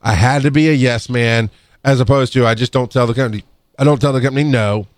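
A middle-aged man tells work stories over a close, dry microphone. He rambles, restarts his sentences, and lifts into a higher voice to mimic the people in his stories. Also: steady tone, fast, dry recording. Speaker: podcast co-host, EMS worker. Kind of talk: casual storytelling chat. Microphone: studio microphone.

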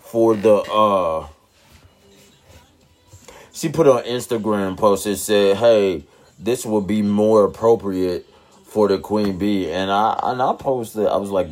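A man's voice: fairly low pitch, slow pace, darkish tone. A man hosting his own podcast, talking casually and loosely with slang and lots of fillers. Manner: laid-back, rambling, with slang and fillers. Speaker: podcast host. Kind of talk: casual solo podcast talk.

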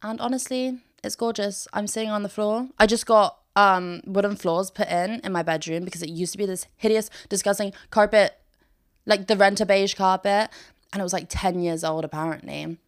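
This podcast host is a young woman speaking at a moderate pace in a steady, mid-range voice. She's on her bedroom floor, chatting casually, bubbly and oversharing, laughing often as she goes.

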